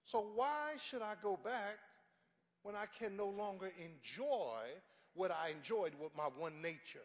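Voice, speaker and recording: Older male preacher, fervent and high. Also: expressive, a little slow, long reverb tail. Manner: storytelling, builds to fervent shouting. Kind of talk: sermon.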